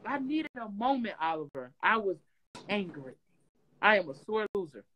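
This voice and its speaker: A woman from Detroit telling stories in a casual interview, animated and profane, loudly acting out what people said. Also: medium pitch, normal speed, rough recording. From Detroit, USA. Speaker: guest.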